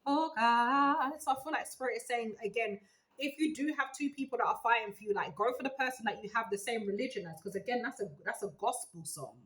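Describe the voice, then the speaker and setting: Expressive woman doing a tarot reading. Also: fairly high pitch, quick pace, rough recording. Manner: animated, musing aloud, breaks into sung gospel snippets. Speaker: tarot reader.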